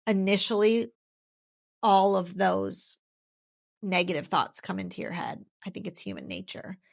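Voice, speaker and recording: A woman's voice: mid-range voice, big pitch swings, a little slow, vocal fry. A woman in her thirties sharing her faith story in an interview, earnest and heartfelt, repeating phrases for emphasis.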